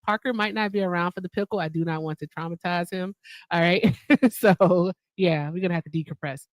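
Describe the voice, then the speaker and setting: A woman's voice: fairly low pitch, steady tone, fairly quick, no room sound. A woman co-hosting a livestream, chatty and upbeat, laughing often. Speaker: livestream co-host. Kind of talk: casual livestream chat.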